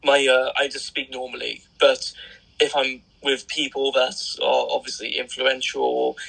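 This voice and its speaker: A young English man speaking as an interview guest, talking in a blunt, joking and animated way. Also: mid-range voice, moderate pace, vocal fry, breathy edge, rough recording. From England. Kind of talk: casual interview chat.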